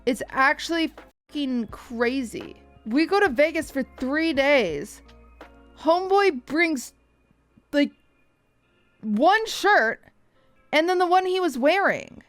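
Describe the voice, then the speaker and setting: A young woman streamer casually telling her viewers a story, swearing freely and quickly mimicking other people's lines. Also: sits high, lively intonation, dry recording, faint music behind.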